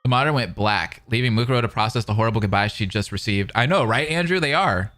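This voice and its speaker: A man's voice: mid-range voice, quick pace, fairly bright tone. Rambling young male streamer. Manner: rambling, filler-heavy casual talk. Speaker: streamer reacting to a fan dub. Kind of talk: reading a novel aloud and chatting.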